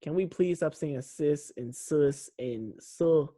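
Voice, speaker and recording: A woman's voice: low voice, takes it slowly, dark tone. A woman from Little Rock, Arkansas, co-hosting a podcast in loose, profane, joking banter that often talks over her co-host.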